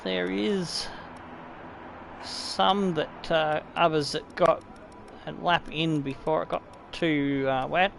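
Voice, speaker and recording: Over a rough recording with some hiss or hum, this Australian YouTuber narrates his racing game slowly in a slightly high voice with vocal fry. He gets excitable, curses, yells at rivals and breaks into laughing outbursts.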